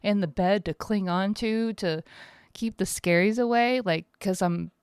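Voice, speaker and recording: A woman's voice: mid-range voice, unhurried, darkish tone, clear, resonant tone, no room sound. A woman in her thirties hosting a casual solo podcast from home, tired, rambling and candid, swearing freely. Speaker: podcast host.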